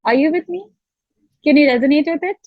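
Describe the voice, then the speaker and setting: A woman coach speaks in a high, earnest voice and often circles back over her phrases. Her sound is dull and lo-fi, with a very dry, close quality. It feels like a remote interview line. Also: brisk, no room sound. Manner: earnest, repeats phrases as she explains. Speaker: self-love coach, guest. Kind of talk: reflective coaching talk.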